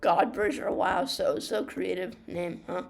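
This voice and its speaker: Gravelly-voiced woman ranting while gaming. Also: on the low side, steady tone, measured pace. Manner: rambling and ranting, many fillers and restarts, swearing. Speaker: gamer. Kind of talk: casual gaming commentary while retelling a story.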